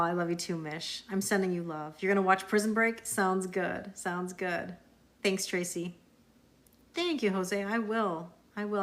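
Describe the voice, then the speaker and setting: A woman hosting a tarot live stream, chatting casually with viewers, answering their comments and laughing often. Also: mid-range voice. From Canada.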